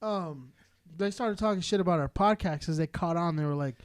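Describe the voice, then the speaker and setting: A man from Southern California rants on a casual podcast in a heated, rambling stream. His voice sits high, and he swears constantly. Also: a little fast, a little hiss or hum. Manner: profane, heated, rambling rant. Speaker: podcast co-host.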